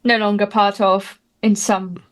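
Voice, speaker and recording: A woman's voice: mid-range voice, flat delivery, a little slow. A woman, chatting as an interview guest, talking wryly with many fillers and restarts. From Britain. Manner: dry, wry humor with many fillers and restarts. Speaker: guest commentator. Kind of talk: casual interview chat.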